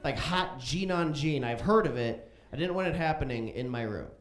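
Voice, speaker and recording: A man in his thirties from Chicago doing stand-up comedy on a club stage, telling profane stories and jumping into loud voices for quotes. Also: mid-range voice, animated, moderate pace. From Chicago, USA. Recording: roomy club stage echo.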